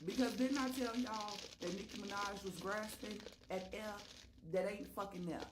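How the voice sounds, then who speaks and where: A woman's voice: mid-range voice, steady tone, moderate pace, very noisy. A woman vlogger delivering an exasperated, profane, dramatic rant to camera from her home kitchen.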